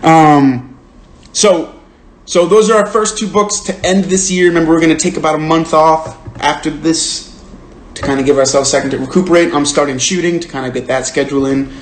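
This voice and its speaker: A man's voice: a little high, fairly even intonation, fairly quick. A man hosting a book club over a phone livestream, casual and earnest, rambling with lots of "like". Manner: rambling and earnest, heavy use of "like". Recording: roomy with faint hiss.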